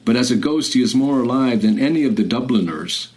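A radio host reading and discussing literature in a measured, reflective way, slowing and softening for quoted passages. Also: male voice, medium pitch, expressive, poor audio. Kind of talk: literary commentary and reading aloud.

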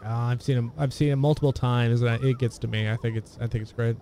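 A man's voice: mid-range voice, fairly even intonation, fast, dark tone, slight background noise. A man chatting casually about old films, rambling with many restarts and fillers. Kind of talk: casual film discussion.

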